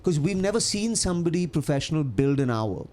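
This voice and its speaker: Indian guy on a comedy podcast, animated, laughs a lot, restarts his sentences. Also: on the high side, a little fast, slight background noise. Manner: animated storyteller, laughs often, many restarts. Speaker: comedian guest. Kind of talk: casual podcast chat.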